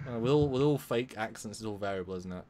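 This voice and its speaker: A man's voice: on the low side, lively intonation, fast, background noise. A man co-hosting a casual live stream, talking in a rambling way and often restarting his sentences. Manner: rambling, with many restarts and repeated words. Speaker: livestream co-host.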